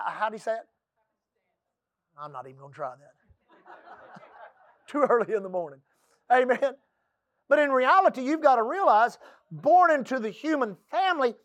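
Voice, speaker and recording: In a dry recording, a man from the Texas coast gives a folksy church sermon. He calls out for amens and sinks into a soft, low voice whenever he quotes something.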